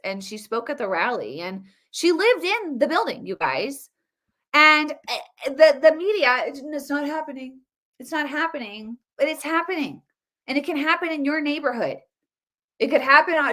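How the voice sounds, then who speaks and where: A woman in her thirties talks through the news of the week on her own show in a loose, conversational way. She is emphatic and often restarts her sentences, her voice sitting a little high. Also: fairly bright tone. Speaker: political commentary host. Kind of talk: casual solo commentary.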